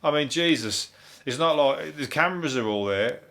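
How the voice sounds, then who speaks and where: A man's voice: fairly high pitch, lively intonation, pushed and bright. Sweary Brummie man riffing comedically. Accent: Birmingham. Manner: sweary, rambling, laughing at his own jokes; throws in quick silly impressions. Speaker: comedian host. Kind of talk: rambling comedic news review.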